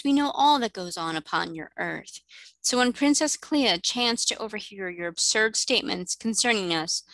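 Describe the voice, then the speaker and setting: A woman voicing a gracious, kindly mermaid queen who speaks in a cordial, measured way. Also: mid-range voice, fairly bright tone, no echo, rough recording.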